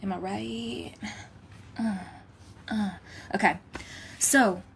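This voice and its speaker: A woman in the role of a spiritual healer delivers a channeled message from home, her voice sitting at an ordinary middle pitch. She moves through a reverent, list-like run of thanks, sometimes dropping to a hushed whisper, and breaks it up with light, playful asides. Faint ambient noise hangs under her voice. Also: fairly even intonation, drawn-out words, vocal fry. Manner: drops to a hushed whisper at times.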